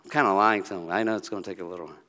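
A man preaching a sermon in a relaxed, storytelling way, acting out the dialogue of the people in his stories. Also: deep voice, very fast. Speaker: pastor. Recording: long reverb of a large hall.

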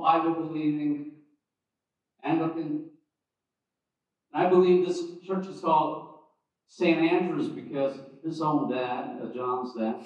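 A man's voice: mid-range voice, darkish tone. A man giving a conversational teaching sermon on church history, speaking with restarts and asides. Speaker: preacher. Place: church sanctuary. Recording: echoey, distant, dull church recording.

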